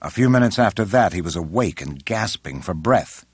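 Deep husky male audiobook narrator. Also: lively intonation, no room sound. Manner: measured, unhurried. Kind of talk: scripted narration.

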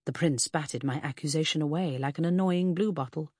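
A reader narrating a period mystery audiobook in a measured, husky voice. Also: male voice, fairly high pitch, darkish tone, no echo, clean studio sound. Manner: measured storytelling. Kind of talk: scripted narration.

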